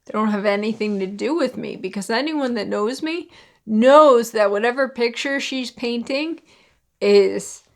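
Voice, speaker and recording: A woman's voice: a little high, measured pace. A young woman talking candidly to camera in a personal vlog, with lots of fillers and sarcastic asides. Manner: candid, frequent "like" and "you know", sarcastic asides. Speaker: vlogger.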